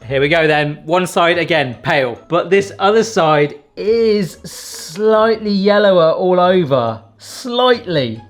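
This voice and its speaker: A man's voice: high voice, slow pace, hardly any pauses, faint music behind. A middle-aged man, talking casually and self-mockingly while testing a toaster in his vlog. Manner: chatty and self-mocking, with excited outbursts. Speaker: video host reviewing a toaster.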